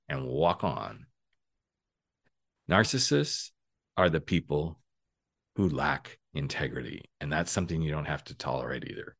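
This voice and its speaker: Emphatic low-voiced male podcast host. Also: sing-song, moderate pace, dry recording, clean studio sound. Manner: emphatic, swings between bright stresses and low asides. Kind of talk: solo motivational podcast talk.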